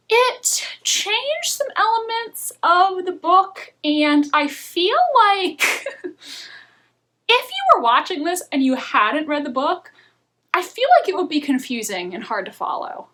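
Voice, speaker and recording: A woman's voice: sits high, sing-song, takes it slowly, sharp tone. A woman chatting candidly in a casual video review of shows and films, laughing now and then. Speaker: book and film reviewer.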